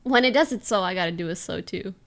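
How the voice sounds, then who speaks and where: A woman's voice: mid-range voice, quick pace. A young woman livestreamer chatting casually and playfully, laughing often as she sounds out words. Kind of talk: casual stream chat.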